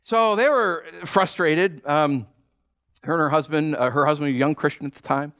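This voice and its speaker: A man's voice: a little high, normal speed. A pastor preaching a sermon, talking animatedly and acting out the people he quotes. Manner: animated, acts out quoted voices.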